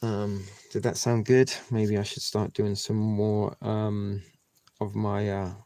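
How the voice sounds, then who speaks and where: A man's voice: on the low side, flat delivery, takes it slowly, dark tone, no echo. A man hosting a live stream, talking to his viewers in a rambling, chatty way. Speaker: livestream host. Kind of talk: casual live-stream chat.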